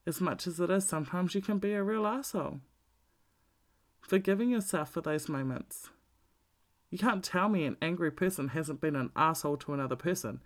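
A man's voice: on the high side, brisk. A man giving a blunt, profane, candid talk about emotional healing, repeating his points for emphasis.

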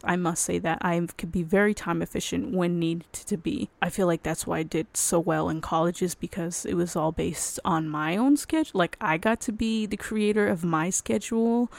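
Rambling young woman podcaster, low voice. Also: gravelly, no echo. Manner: rambling, self-interrupting, laughs often. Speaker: podcast host. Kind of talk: casual solo podcast chat.

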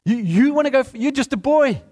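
A scornful, alarmed king scolds a boy who wants to fight, his voice pushed higher than the speaker's own, as a preacher acts him out. The delivery is incredulous and scolding. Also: expressive, fairly quick, a little mellow.

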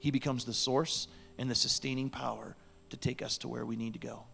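A man's voice: medium pitch, little pitch movement, brisk, gravelly, pushed and bright, slight background noise. A man preaching a sermon in a church, earnest and pleading, sometimes dropping to a near whisper. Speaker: pastor. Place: church sanctuary.

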